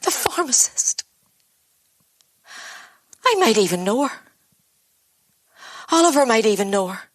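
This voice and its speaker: A woman's voice: a little high, very animated, dry recording. A worn-down, self-blaming mother. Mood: distraught. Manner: halting, broken, inward monologue. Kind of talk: dramatic monologue.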